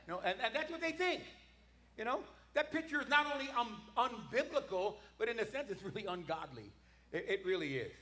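High bright-voiced man preaching a sermon. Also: big pitch swings, a little fast, roomy sound. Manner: emphatic, repeats words, asks the congregation for responses.

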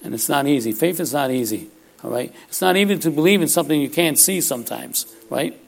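Man, preacher, gravelly voice, casual sermon, keeps asking "all right?", church. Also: a little high, expressive, brisk. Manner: conversational preaching, frequent "all right?" asides.

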